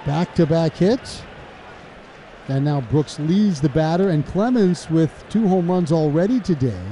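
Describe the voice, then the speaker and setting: A man calling a baseball game play-by-play, chatty and laughing between pitches. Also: unhurried, a little hiss or hum. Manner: chatty, laughs between calls, gets loud and excited on big plays. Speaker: play-by-play announcer.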